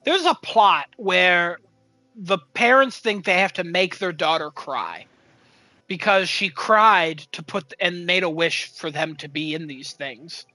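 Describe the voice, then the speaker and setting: A woman's voice: fairly low pitch, lively intonation, a little slow, bright, forceful tone, no room sound. A woman co-hosting a podcast, casually and animatedly retelling a story, swearing freely and acting out the voices. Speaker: podcast co-host. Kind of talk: casual chat.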